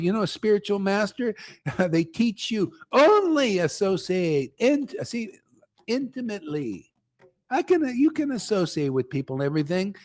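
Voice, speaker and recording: An older man giving a blunt, slangy devotional talk as a spiritual teacher, ranting and calling his listeners "man.". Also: high-pitched. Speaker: spiritual teacher leading a chanting gathering.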